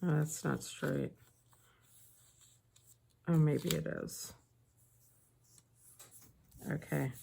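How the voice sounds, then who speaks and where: A woman with a lowish voice chats at an unhurried pace as she decorates her planner, drifting into a long story with soft asides. Faint paper crinkling and sticker sounds sit behind her. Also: steady tone, creaky, a little hiss or hum. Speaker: planner vlogger. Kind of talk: casual voice-over while decorating a planner.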